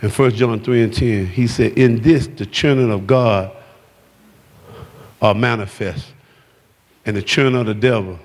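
A man preaching a sermon, shouting and calling out to the congregation in a church. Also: fairly low pitch, fairly even intonation, a little slow, pauses often. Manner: shouting, exuberant preaching with call-outs to the congregation. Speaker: pastor. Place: church sanctuary. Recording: long hall reverb.

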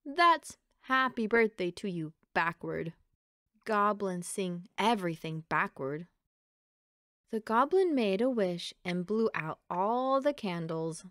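A woman reading a children's picture book aloud in a gentle, expressive storytelling voice, close to the mic. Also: medium pitch, slow pace, no echo. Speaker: storybook reader.

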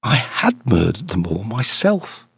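A man reading the part of a quiet, patient, shrewd elderly priest in an audiobook, subdued in manner. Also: lowish voice, wildly swooping pitch, a little slow, creaky, breathy edge, no room sound, clean studio sound, in a large hall, exaggerated voice. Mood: grave.

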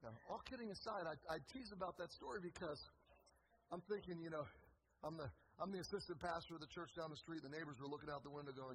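Pastor guy telling a funny story in a sermon, gets loud and excited, noisy recording. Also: fairly high pitch, fast talker, big-room sound. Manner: animated, swings between quiet asides and loud excited telling. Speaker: assistant pastor, conference preacher. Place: church conference hall.

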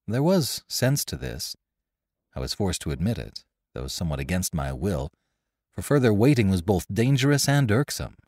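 A man narrating a classic adventure story in an expressive reading voice, close to the mic. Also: fairly low pitch, normal speed, dry recording. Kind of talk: audiobook narration.

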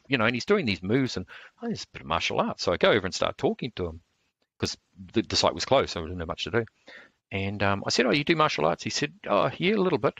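A man, telling stories in a relaxed interview, rambling with lots of fillers and restarts. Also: sits low, no room sound. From New Zealand. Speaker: martial arts instructor.

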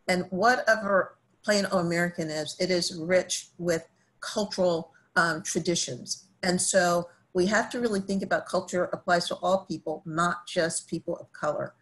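A woman's voice: lowish voice, moderate pace, fairly bright tone, low-quality recording. A woman giving a training webinar, talking in a conversational way with frequent ums. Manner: conversational, many fillers. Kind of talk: webinar presentation.

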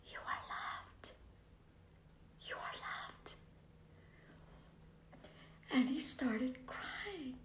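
A woman telling a personal story in an earnest way, often falling to a near whisper and pressing hard on key words. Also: on the high side. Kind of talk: personal story told to viewers. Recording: echoey room, faint background noise.

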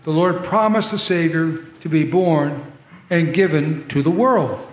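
A male pastor preaching a sermon in a church, conversational, with asides to the congregation. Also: a little high. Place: large church sanctuary. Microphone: troublesome handheld or body mic. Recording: echoey church hall with long reverb.

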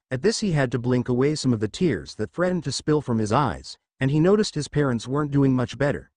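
A man narrating a fan fiction story in a steady storytelling manner. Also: mid-range voice, normal speed, dry recording. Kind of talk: fan fiction audiobook reading.

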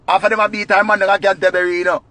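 A man with a Jamaican accent, telling a comic story in patois with lively swings between loud and quiet. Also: sits high, quick pace, no room sound. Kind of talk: animated comic retelling.

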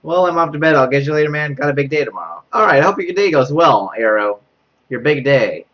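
Talking fast and animatedly in a somewhat bright voice, a young man streams a horror game live. His commentary is full of panic, nervous laughs, and repeated phrases as he reads chat aloud, picked up by a dull, low-quality mic.

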